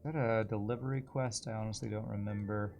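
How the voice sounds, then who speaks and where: A man's voice: on the low side, steady tone, fast talker, creaky, a little mellow, slight background noise. A man streaming a strategy game, chatting casually and answering viewers' comments while he plays. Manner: chatty, reads and answers chat while playing.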